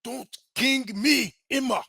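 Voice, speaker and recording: Casting: a man doing an indignant Kenyan husband, slow and mocking, bright voice. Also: very high voice, creaky, breathy edge, dry recording, studio quality, pitched above the performer's own voice, exaggerated voice. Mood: accusing. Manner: slow, mocking read of text messages. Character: indignant Kenyan husband confronting cheating wife.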